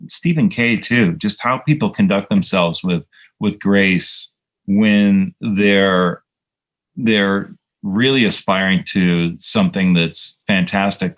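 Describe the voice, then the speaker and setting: A man's voice: on the low side, fairly bright tone, poor audio. A man, a composer guest, chatting in a casual interview and telling reflective, rambling stories with many fillers.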